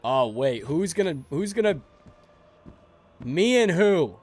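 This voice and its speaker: A man's voice: on the high side, big pitch swings, slow pace, darkish tone. A man streaming a game live, joking and rambling sleepily with his chat.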